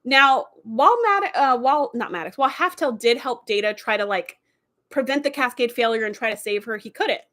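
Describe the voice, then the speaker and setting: A woman hosting a live stream, talking in a fairly high voice. She recaps TV episodes in a chatty, animated way. She keeps dropping "like" and "you know" as she goes. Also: fairly quick.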